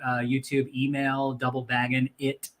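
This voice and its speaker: A man's voice: medium pitch, monotone, normal speed. A man co-hosting a casual live-stream chat, telling long rambling stories with many restarts. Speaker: co-host.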